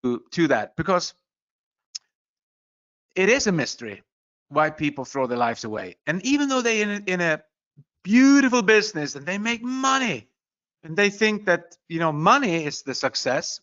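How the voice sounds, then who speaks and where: A man's voice: high voice, fairly bright tone, highs cut off. A man giving a casual motivational talk, earnest and emphatic, often slipping in "you know" asides. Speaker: motivational speaker.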